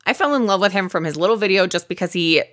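Lively, giggly woman chatting. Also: quick pace. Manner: chatty, giggly, animated swoops in pitch. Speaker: podcast co-host. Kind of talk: casual chat recapping a dating show.

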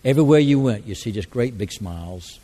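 A man's voice: lowish voice, animated, a little fast, dark tone. Earnest man preaching. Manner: earnest, folksy storytelling, prayerful. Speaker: church speaker. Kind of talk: sermon with altar call and mission stories. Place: church service.

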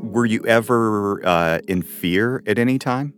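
A man co-hosting a podcast, telling a funny story in a casual, animated way. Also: a little slow, smooth, faint music behind. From Arkansas, US. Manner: animated storyteller, voices his friends with a jump in pitch. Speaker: podcast co-host.

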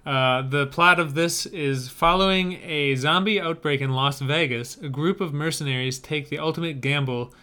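A man's voice: fairly high pitch, moderate pace, hardly any pauses, pushed and bright, clear, resonant tone. A man co-hosting a podcast, chatting casually and giving opinions on movie trailers with frequent fillers. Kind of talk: casual chat.

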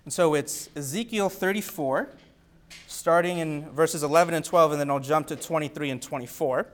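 A man's voice: fairly high pitch, normal speed. Young man preaching an earnest sermon. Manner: earnest teaching, reads scripture aloud with rising emphasis.

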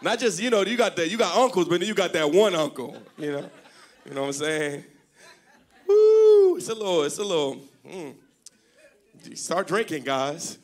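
A pastor preaches to his congregation during a church service, joking, calling for responses, and rising to shouts. His voice is on the high side, delivered at a moderate pace.

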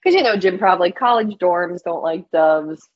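A woman's voice: on the low side, normal speed, dry recording, muffled recording. A young woman guest on a podcast, chatting in a rambling way full of fillers, calling in remotely. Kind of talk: casual chat.

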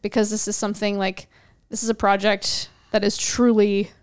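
A woman co-hosting a podcast, speaking in a smooth, clear voice. She talks earnestly and reflectively about faith, letting her thoughts run on in long, flowing stretches. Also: medium pitch, flat delivery, moderate pace. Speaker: podcast co-host. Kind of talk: casual faith talk.

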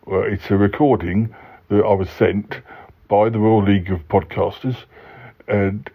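A man's voice: on the low side, fairly even intonation, unhurried, slightly rough. A man voicing a timid, fussy yeti uncle who stammers and dithers through every sentence. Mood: dithering. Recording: dull lo-fi recording.

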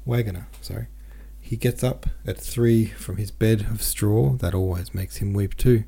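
Male audiobook reader, low gravelly voice, dark tone, gentle and steady. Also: measured pace. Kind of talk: novel read aloud.

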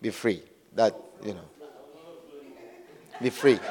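A man's voice: fairly low pitch, slow pace, darkish tone. A pastor preaching a sermon. He repeats key phrases for emphasis and keeps asking the congregation whether they understand.

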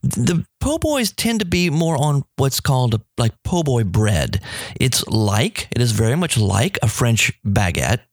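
A man talks food on his radio show, rambling and enthusiastic, his voice leaping up whenever something delights him. His middle-pitched voice sits in a dry, close sound. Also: a little slow, no echo. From New Orleans. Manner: enthusiastic, rambling, pitch jumps when excited. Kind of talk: radio talk about food.

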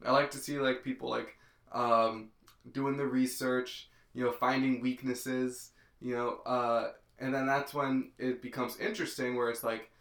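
A man co-hosting a podcast in casual movie chat, easygoing and agreeable, with drawn-out musings. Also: mid-range voice, little pitch movement, a bit bright, roomy sound. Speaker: podcast co-host.

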